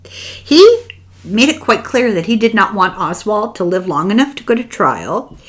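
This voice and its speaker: An older woman with an Irish accent talks casually and wryly, as if sharing a conspiracy with a friend. Her pitch sits mid-range but moves with great animation. She tells the story the way a host talks to regular listeners. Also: sing-song, measured pace. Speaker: podcast host discussing a book. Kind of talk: casual chat.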